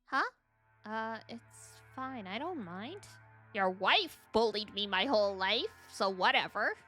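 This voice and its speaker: A woman voicing a weary, dismissive middle-aged woman from a visual novel, slow and flat. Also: mid-range voice, faint music behind, exaggerated voice. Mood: resigned.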